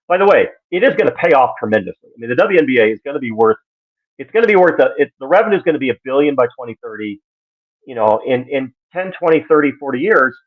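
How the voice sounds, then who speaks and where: A man giving casual live-stream sports commentary, animated and exasperated, acting out the voices he quotes. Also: mid-range voice. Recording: tinny phone-like line.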